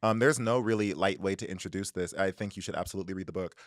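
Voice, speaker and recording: A man with a fairly low voice co-hosts a casual book podcast, walking through a plot with animated storytelling. His voice sounds close and dry, with no room around it. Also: quick pace, dry recording. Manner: animated storytelling, acting out characters' lines. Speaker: podcast co-host.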